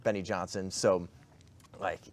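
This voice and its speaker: A man's voice: low-pitched, little pitch movement, unhurried, a little hiss or hum. A man hosting a studio talk show, chatting casually and laughing often. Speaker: show host. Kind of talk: casual political chat.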